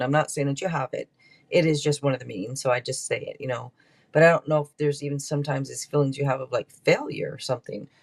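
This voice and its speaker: A woman hosting a live tarot stream, chatting casually and rambling through card meanings. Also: low voice. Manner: chatty and rambling, with many restarts.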